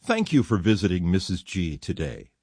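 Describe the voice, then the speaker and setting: A male announcer with a low, husky voice reading a closing announcement. His pitch moves in a lively way. The sound is dry and close. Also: moderate pace, no room sound. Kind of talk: scripted outro announcement.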